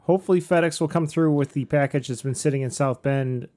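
A man's voice: fairly high pitch, a little mellow. Rambling, joking man co-hosting a podcast. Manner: rambling, jokey, drawn-out asides. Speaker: podcast co-host. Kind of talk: casual chat.

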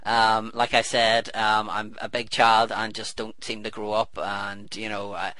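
Bright-voiced eager male host. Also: fairly low pitch, monotone, unhurried, dry recording. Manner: eager, stammering with fillers. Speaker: podcast host. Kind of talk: casual interview hosting.

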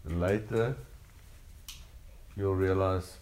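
A man with a very low voice delivering a sermon. His preaching is earnest and leans on repeated phrases. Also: fairly even intonation, very slow, darkish tone. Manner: earnest, repetitive preaching cadence. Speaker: pastor.

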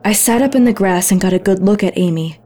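A woman narrating a story in first person, gentle and intimate. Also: mid-range voice, fast.

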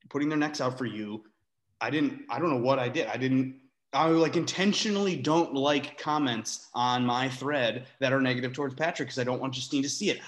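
A man co-hosting a casual sports podcast, ranting in an animated, exasperated way, with sarcastic asides and free swearing. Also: mid-range voice. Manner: swears freely. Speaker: podcast co-host.

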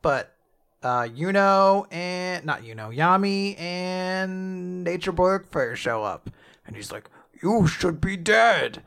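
A man's voice: sits high, lively intonation, creaky, a bit bright, smooth. A man co-hosting a podcast, casually recapping a manga chapter with jokes and asides. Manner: rambling, joking, quick asides. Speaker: podcast co-host.

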